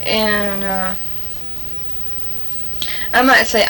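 A woman giving a spoken fill-in-the-blank test, halting with many fillers and saying okay after each answer. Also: a little high, fairly bright tone, a little hiss or hum, poor audio. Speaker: language tester. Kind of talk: reading fill-in-the-blank prompts.

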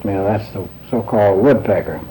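A man, answering interview questions in a slow, plainspoken and thoughtful way. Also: on the low side, mellow, a little hiss or hum, poor audio.

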